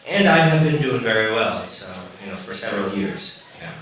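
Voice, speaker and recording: A man in his late thirties from the Philippines, telling a personal story live on stage, halting and full of "you know" fillers. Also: on the low side, expressive, fairly bright tone. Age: late 30s. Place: stage before a live audience. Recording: very echoey room with audience.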